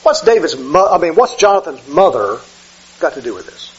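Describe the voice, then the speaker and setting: Male preacher, high husky voice, chatty sermon delivery with self-corrections, dull lo-fi sound. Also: big pitch swings, moderate pace. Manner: conversational, self-correcting, acts out quoted speech. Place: church sanctuary with slides.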